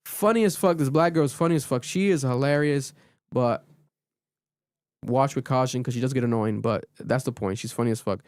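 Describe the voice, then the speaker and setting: A man hosting a casual podcast, recapping a reality show in an animated, profane storytelling way. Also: medium pitch, moderate pace, clean tone, dry recording, clean studio sound. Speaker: podcast host.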